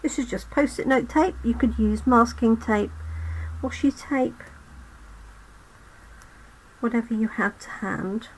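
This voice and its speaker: Craft host, woman, losing her voice; slightly high, unhurried delivery. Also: slight background noise, poor audio. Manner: chatty, talks to viewers while working. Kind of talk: live card-making demo.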